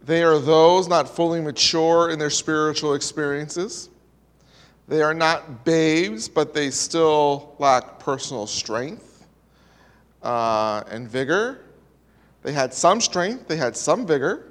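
A man's voice: on the high side, slow pace. A man preaching a sermon as pastor, emphatic and building his points with repeated parallel lines. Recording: reverberant hall.

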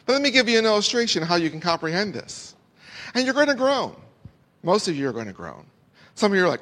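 A man preaching a sermon as pastor, emphatic, repeating key phrases and swinging between soft asides and loud declarations. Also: a little high, very animated, moderate pace. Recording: long reverb of a large hall.

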